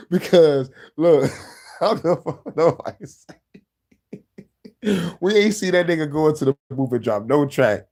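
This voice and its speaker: A man's voice: a little high, unhurried, pauses often. A man hosting a casual show, telling profane stories with lots of laughter. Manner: laughing, animated, profane storytelling. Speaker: host. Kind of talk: casual chat over music.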